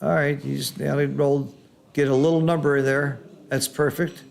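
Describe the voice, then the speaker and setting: A man commenting live on a board game match, reacting loudly to big swings and then explaining the strategy patiently like a teacher. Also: mid-range voice, normal speed, vocal fry. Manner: excitable, exclaims loudly at big rolls, then explains calmly.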